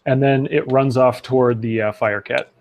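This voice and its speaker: A man's voice: mid-range voice, steady tone, normal speed, a little mellow. A man narrating a tabletop role-playing game as game master, loose and chatty, with fillers and laughs.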